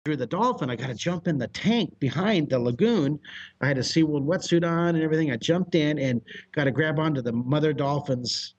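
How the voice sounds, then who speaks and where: An American man, a drawing teacher, telling a story as a guest with exuberant energy, laughs and shouted sound effects. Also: on the high side, brisk, highs cut off. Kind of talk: animated storytelling.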